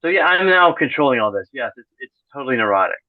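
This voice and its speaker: Speaking fast with big pitch swings at medium pitch, a man guests on a podcast in a casual, conversational interview. He rambles, corrects himself, and leans on dry sarcasm, all over a tinny, dry phone-like line with no echo.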